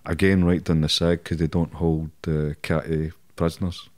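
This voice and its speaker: A man's voice: extremely low pitch, level tone, moderate pace, a little mellow. A middle-aged Scottish man telling stories in a casual interview, swearing often and laughing through his anecdotes. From Scotland. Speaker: podcast guest.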